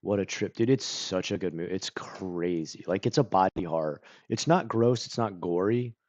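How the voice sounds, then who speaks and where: A man chatting casually on a stream, rambling with lots of "like" and clearing his throat and coughing now and then. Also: low-pitched, normal speed, a little mellow, dry recording, highs cut off. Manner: rambling, full of "like" and self-corrections.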